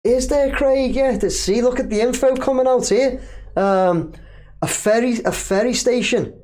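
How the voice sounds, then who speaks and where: A man's voice: extremely high pitch, a little slow, a little mellow. Chatty man hosting a live stream. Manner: chatty, reads viewer comments aloud and laughs easily. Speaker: livestream host. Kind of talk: casual live chat.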